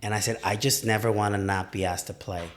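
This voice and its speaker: A man's voice: fairly low pitch, fairly even intonation, quick pace, slight background noise. A man in his late forties, a podcast guest telling candid, self-deprecating stories in casual conversation. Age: late 40s.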